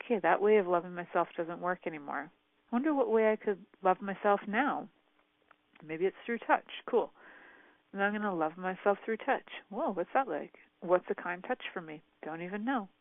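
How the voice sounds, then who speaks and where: A woman hosting a self-help radio show, talking in a playful, irreverent, animated way. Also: medium pitch, normal speed, no room sound. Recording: dry, phone-like radio audio.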